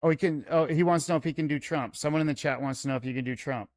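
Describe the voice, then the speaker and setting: A man's voice: a little high, rapid-fire, a little mellow. A man hosting a casual group voice chat, reading viewer comments and teasing the others playfully.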